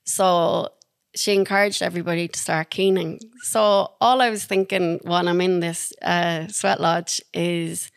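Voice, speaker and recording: An Irish woman, a podcast guest, telling stories in a chatty, animated way, laughing now and then. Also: on the low side, a little slow, creaky, clean tone, dry recording, clean studio sound. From Ireland. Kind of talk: casual storytelling.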